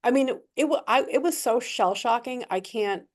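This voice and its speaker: A middle-aged woman telling a true work story in a training session, animated and swearing, acting out what people said. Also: a little high, moderate pace. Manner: animated, swearing, acts out quoted voices. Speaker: real estate agent.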